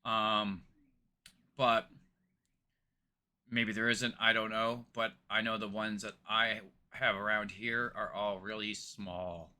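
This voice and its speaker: A man's voice: on the low side, level tone, takes it slowly, long pauses, pushed and bright, smooth. A man from Ontario, Canada, hosting a reaction video, talking casually and rambling with lots of hesitations. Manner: rambling, hesitant, many fillers. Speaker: reaction channel host.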